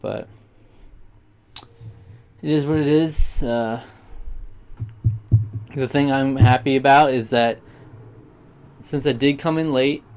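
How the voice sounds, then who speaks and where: A young man with a mid-range voice talks straight to camera in a loose, rambling vlog. He drifts off track, restarts his thoughts and speaks with open, sincere feeling. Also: mid-range voice. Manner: rambling, sidetracked, heartfelt. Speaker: YouTuber. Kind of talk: casual vlog monologue.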